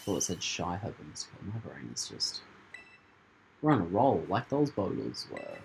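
A man's voice: low-pitched, huge pitch swings, normal speed, gravelly, a little hiss or hum. A man giving playful, joking commentary while he plays a video game for his channel. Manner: playful, laughs and jokes while playing. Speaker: gaming channel host. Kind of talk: casual let's-play commentary.

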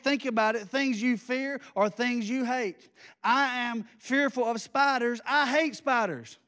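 A man preaching as pastor in a church, intense, blunt and folksy, with grandma sayings and quick asides. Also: extremely high pitch, fairly bright tone. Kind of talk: sermon.

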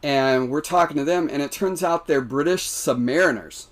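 An American man telling stories on a podcast, animated and laughing, with many restarts. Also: on the high side, moderate pace. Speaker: podcast guest. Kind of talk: casual storytelling.

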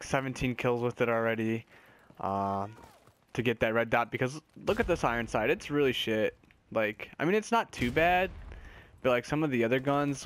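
A man's voice: medium pitch, a bit bright, slight background noise. A young man giving casual gameplay commentary as a gaming YouTuber, swearing and whooping at his kills.

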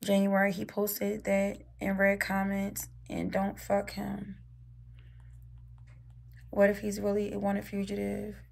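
Loud, profane woman with a gravelly edge. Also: mid-range voice. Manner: profane, loud and rapid-fire. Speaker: live-stream host. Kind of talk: heated casual live-stream chat.

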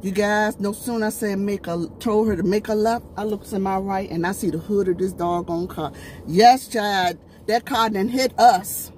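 A woman's voice: mid-range voice, normal speed. A woman vlogger telling a storytime to camera, talking emphatically and straight to her viewers. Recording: loud traffic noise behind the voice.

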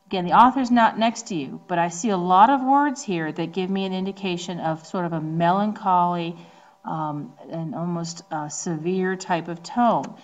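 A woman's voice: lowish voice, normal speed, dull audio. Woman teacher explaining at an easy pace. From Northeastern United States. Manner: conversational explaining with frequent ums. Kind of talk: recorded classroom lecture.

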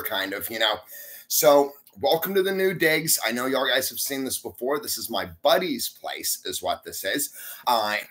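A man's voice: medium pitch, bright, forceful tone. A sleepy man, chatting to camera in a rambling, folksy vlog. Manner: rambling, folksy, uses y'all. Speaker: vlogger. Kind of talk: casual chat to camera.

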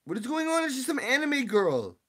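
Animated confused young male streamer. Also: extremely high pitch, fairly quick. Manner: animated, confused, laughing, repeats himself. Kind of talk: live-stream chat reading while opening card packs.

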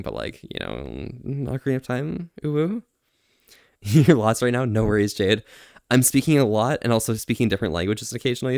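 A man streaming casually, reading viewer chat aloud, laughing often and switching into halting French. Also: on the low side, clean tone, no echo, studio quality. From Canada.

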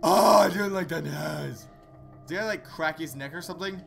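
A man hosting horror let's-play commentary, joking sarcastically and yelling in fright. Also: on the high side, moderate pace, creaky, slight background noise. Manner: excitable, jokey, sarcastic, screams in fright. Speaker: gaming channel host.

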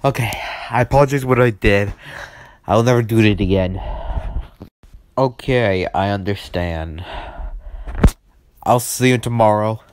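A man voicing a policeman in an amateur cartoon, halting and full of pauses and fillers. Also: lowish voice, lightly acted. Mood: hesitant. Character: police man looking after guests. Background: music.

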